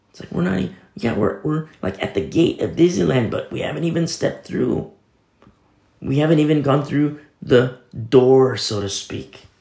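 A man's voice: medium pitch, vocal fry, darkish tone, roomy sound. A male pastor giving a sermon in a casual storytelling way, reading and quoting scripture as he goes. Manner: conversational, storytelling preaching with scripture quotes.

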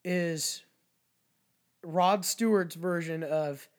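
A man's voice: on the high side, very slow. Mexican guy on a podcast, swearing a lot, acting out his stories. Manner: animated storyteller, swears constantly, acts out quotes. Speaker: podcast co-host. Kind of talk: casual chat.

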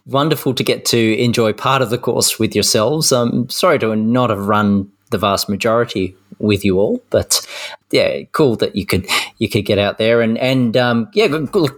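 A man's voice: medium pitch, moderate pace. A man co-hosting a podcast, friendly and hesitant, with many fillers and restarts. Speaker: podcast co-host. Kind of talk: casual chat.

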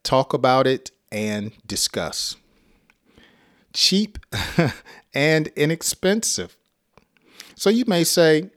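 An American man teaching an English lesson, speaking slowly and deliberately with light chuckles. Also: medium pitch, big pitch swings. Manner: slow, deliberate and clearly spoken, with light chuckles.

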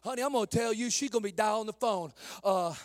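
A man preaching a sermon to his congregation as pastor, swinging from shouts to soft asides, calling listeners "honey" and laughing at his own jokes. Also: high-pitched, racing.

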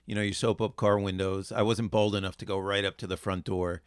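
A man co-hosting a podcast talks in a loose, easygoing way, leaning on fillers as he explains. His voice is smooth and fairly low, recorded close and dry with no room sound around it. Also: flat delivery, fairly quick, no room sound. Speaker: podcast co-host. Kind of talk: casual chat.

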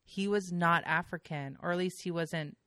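A young woman with a notably low voice tells long, chatty stories as a podcast guest. She rambles, filling her sentences with "like" and the odd swear word. The sound is dry and close, with no room around it. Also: steady tone, normal speed, a bit bright, no echo. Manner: chatty storyteller with frequent fillers and swearing. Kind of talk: casual chat.

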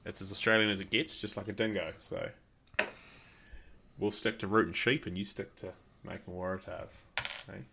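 A New Zealand man with a low, gravelly voice chats casually as a podcast host. He tells stories with a laugh and acts out the other people in them. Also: steady tone, moderate pace, long pauses, background noise. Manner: storytelling, laughing, acting out quoted voices. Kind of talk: casual chat.

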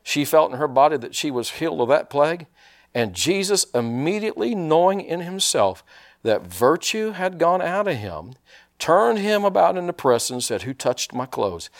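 A male pastor delivers a sermon to his church. His pitch sits a little high and swings widely as he preaches with energy, often asking the room questions to draw responses. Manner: animated preaching with call-and-response questions to the congregation. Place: church sanctuary.

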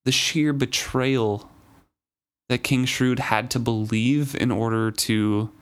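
A man's voice: mid-range voice, fairly even intonation, slow pace. A man hosting a book discussion, reading passages aloud and talking through them earnestly. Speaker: podcast host discussing a novel. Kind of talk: casual chat and reading aloud.

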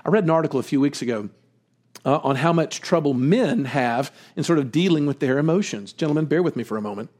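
A man preaching a sermon in an animated way, with chuckles and slowed emphasis on key words. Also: on the high side. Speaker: pastor.

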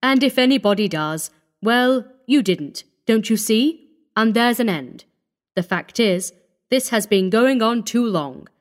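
A woman's voice: on the high side, expressive, measured pace. A woman voicing a cool, sneering young male doctor with a dismissive, worldly manner.

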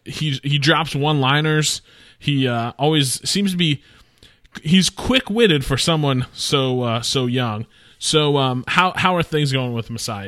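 A man's voice: medium pitch, sharp tone, smooth, no echo, clean studio sound. A man hosting a podcast, jokey and upbeat, introducing his guest with fillers. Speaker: podcast host. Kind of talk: casual podcast chat.

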